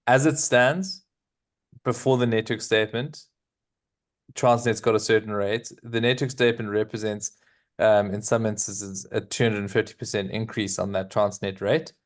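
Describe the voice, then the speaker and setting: A man on a panel, explaining a point in a measured way with some fillers. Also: on the low side. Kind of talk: panel discussion.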